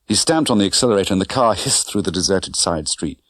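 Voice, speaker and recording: A man narrating an audiobook with an expressive, dramatic reading. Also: sits low, fast, dry recording. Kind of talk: scripted narration. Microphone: close studio mic.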